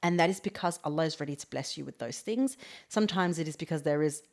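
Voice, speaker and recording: A woman's voice: low-pitched, fast talker, gravelly, a little mellow. A young woman hosting a podcast, talking casually and candidly about prayer, laughing often and using lots of fillers. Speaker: podcast host. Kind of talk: casual faith talk.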